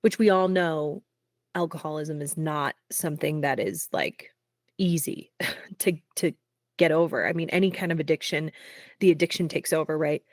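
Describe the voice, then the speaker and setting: A young woman, a singer-songwriter, talking candidly in a casual interview, peppering her speech with "like" and quick laughs. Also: low-pitched, fairly even intonation, no room sound, studio quality. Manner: frequent "like" fillers, quick laughs.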